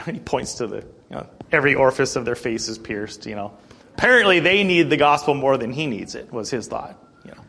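Talking at a quick pace, this male pastor has a medium-pitched, fairly bright voice and a conversational, plain-spoken sermon style. He keeps asking the congregation rhetorical questions and frequently clears his throat.

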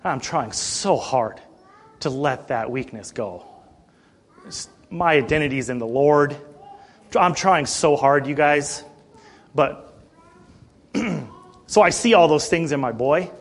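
A pastor in his thirties delivers a sermon in a voice on the high side, speaking slowly with frequent pauses. He tells the congregation a story, addressing them directly and growing animated and fired up.

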